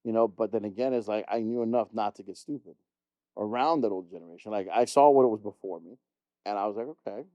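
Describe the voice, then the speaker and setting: Middle-aged male podcast host, quick blunt rant, warm dark tone, dry close sound. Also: on the low side, no echo, highs cut off. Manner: blunt, exasperated ranting with frequent swearing. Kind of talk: casual chat.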